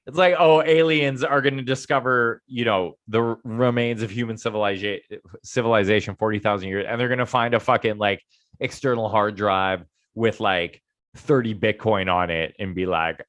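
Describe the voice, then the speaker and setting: A man co-hosting a podcast, joking around, laughing and swearing in relaxed chat. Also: lowish voice, moderate pace, no room sound. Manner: joking, profane, laughs often. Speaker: podcast co-host.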